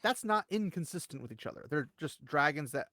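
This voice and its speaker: A man with a slightly high voice talks in a loose, rambling way, his pitch leaping up when he makes a point. The sound is dry and close, with no room around it. It is casual commentary as a host. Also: a little fast, dry recording. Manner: animated, rambling, with wide pitch jumps for emphasis. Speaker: channel host.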